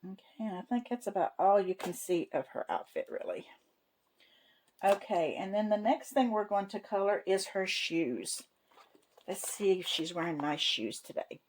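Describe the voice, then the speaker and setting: A woman's voice: medium pitch, lively intonation, measured pace, long pauses, darkish tone, a little hiss or hum, rough recording. A woman hosting a savings vlog, chatting in a folksy, homey way and counting money aloud to herself. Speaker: savings channel host. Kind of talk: casual cash-stuffing vlog narration.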